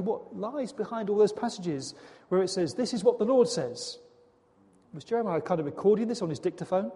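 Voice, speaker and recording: Male preacher, high pitched, earnest and questioning, reverberant hall sound. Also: dark tone. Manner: earnest, dramatic, with rhetorical questions. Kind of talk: sermon.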